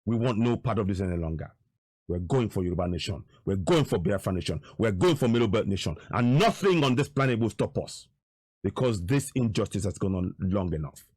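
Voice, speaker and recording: A man delivers insistent political commentary, hammering his points again and again. His pitch rises and falls in lively swings. The sound is dry, with no room echo. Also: fairly quick, husky. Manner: emphatic, repetitive, indignant. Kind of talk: commentary over video footage.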